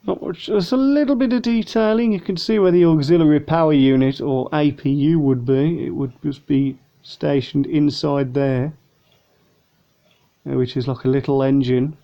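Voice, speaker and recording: A man's voice: fairly high pitch, steady tone, moderate pace. A man chatting casually through a model plane unboxing review, rambling and a little tired. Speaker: vlogger. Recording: dull lo-fi home recording.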